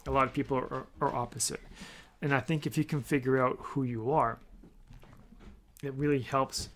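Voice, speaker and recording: A man's voice: medium pitch, fairly even intonation, normal speed, fairly bright tone, slight background noise. A man hosting a triathlon coaching podcast, talking casually and telling stories that act out quoted dialogue. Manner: storytelling, acting out quoted dialogue. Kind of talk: casual solo podcast talk.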